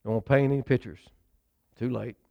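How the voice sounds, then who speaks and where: A man's voice: mid-range voice, steady tone, fairly quick, creaky, highs cut off. A man preaching a sermon, reading scripture aloud and acting out quotes with asides to his congregation. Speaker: pastor.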